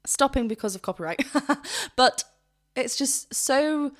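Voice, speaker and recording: A woman vocal coach explaining singing technique in a reaction video, breaking off to demonstrate with loud sung yelps. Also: high voice, expressive, a little slow.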